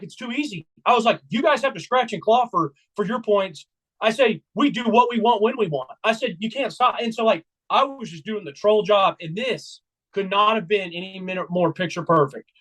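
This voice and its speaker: A young man co-hosting a casual sports podcast, excitedly retelling a game day and acting out his own trash talk. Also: high-pitched, normal speed. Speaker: podcast co-host.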